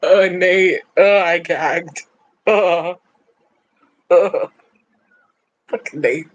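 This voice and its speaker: A woman's voice: fairly low pitch, drawn-out words, highs cut off. A woman hosting a livestream, chatting casually with her viewers in a playful, blunt and teasing way, laughing often. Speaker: livestream host reading chat. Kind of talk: casual chat.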